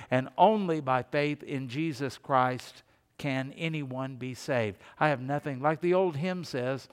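A man's voice: fairly high pitch, clean tone, long reverb tail. A male pastor giving a sermon, telling Bible stories and briefly acting out the people in them. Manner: storytelling preacher who acts out quoted characters.

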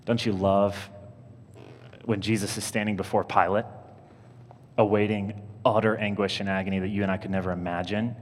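A man preaching as a priest, telling stories in a lively, animated way and leaping up in pitch when he mimics other people. His own voice sits fairly low. The sound rings with a long reverb from the church around him. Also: normal speed, pauses often. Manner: animated storytelling, jumping high when quoting others. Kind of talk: sermon.

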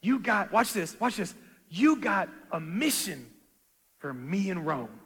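A male pastor preaching a dramatic sermon, swinging from quiet low asides to loud rising appeals. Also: sing-song, slow, gravelly, husky, long reverb tail.

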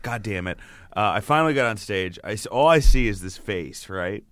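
A man with a bright, forceful voice tells comedy stories in a loose podcast chat. He swears often and slips into other people's voices as he goes. The sound is dry and close. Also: fairly low pitch, a little fast, no echo. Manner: animated, swears a lot, acts out quotes. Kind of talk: casual podcast chat, storytelling.

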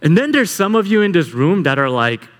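High-voiced young man in an echoey hall. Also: a little fast. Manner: energetic, filler-heavy with constant "like". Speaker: speaker at a live talk. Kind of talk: storytelling talk to an audience. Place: large hall.

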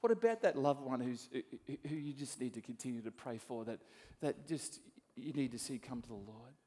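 A middle-aged man from Australia preaching a sermon as a pastor, swinging between soft asides and loud emphasis. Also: mid-range voice, lively intonation, normal speed, slightly rough.

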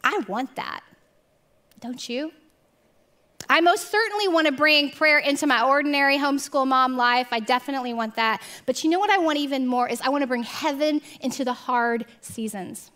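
A woman giving a heartfelt devotional talk, telling a story earnestly and sometimes dropping to hushed tones. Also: high-pitched, moderate pace. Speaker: Christian speaker.

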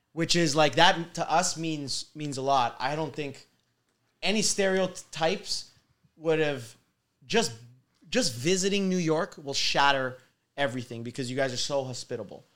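Musician guest from Toronto, man, animated and loose, slightly high voice. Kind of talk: casual chat.

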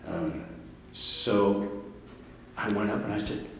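A man's voice: slow, creaky, slight background noise. Older man telling stories in a hall. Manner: animated anecdotes, swings up in pitch for emphasis. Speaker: composer, speaker at an event. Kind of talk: storytelling to an audience.

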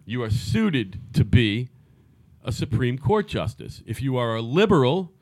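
Male podcast co-host, emphatic and profane, mid pitch, dry close recording. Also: sing-song, unhurried, darkish tone, no room sound. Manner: emphatic, repeats his points, swears often. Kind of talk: casual political chat.

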